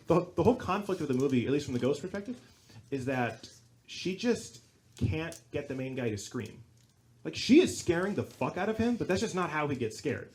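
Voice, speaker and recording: A young man doing a stand-up comedy set on a club stage, telling stories deadpan and bursting into loud acted-out quotes. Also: mid-range voice. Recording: live club recording, audible crowd noise.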